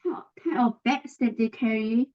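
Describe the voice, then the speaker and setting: Young Singaporean woman student, lo-fi. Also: on the high side. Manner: casual, halting, mixes English and Mandarin.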